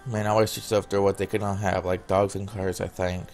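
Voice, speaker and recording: In a very low, gravelly, slightly mellow voice, a man reads a visual novel's lines one after another without doing character voices. His delivery is flat and a little fast, with faint music in the background. Every so often he breaks off for a casual aside.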